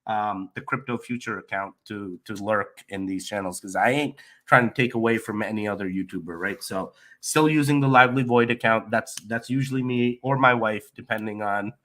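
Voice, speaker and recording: A man's voice: lowish voice, moderate pace. A young man who is sick and a bit nasal, with a slight cough, hosting a casual crypto livestream and chatting loosely with viewers. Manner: loopy, relaxed, rambling with restarts. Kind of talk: casual livestream chat reading comments.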